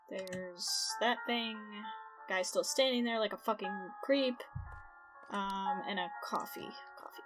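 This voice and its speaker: A woman casually narrating her own gameplay, reacting aloud and swearing. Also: mid-range voice. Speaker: gaming streamer. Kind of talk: let's play commentary.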